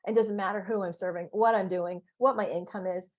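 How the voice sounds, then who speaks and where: A woman coach telling stories in a casual interview chat, playful and animated, with big exclamations. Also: mid-range voice, a little fast, highs cut off.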